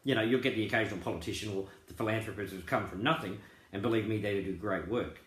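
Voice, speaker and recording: A man with a fairly low voice talks earnestly and at length to his members. He rambles, stops, restarts and fills gaps with "um" and "you know." The recording carries a roomy echo. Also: fast, fairly bright tone. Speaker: crypto group founder. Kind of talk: casual promotional talk.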